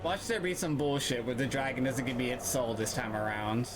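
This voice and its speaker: A man's voice: mid-range voice, brisk. A man streaming a video game, commenting casually and swearing freely as he talks to the game and his viewers. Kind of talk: let's-play gaming commentary. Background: game music.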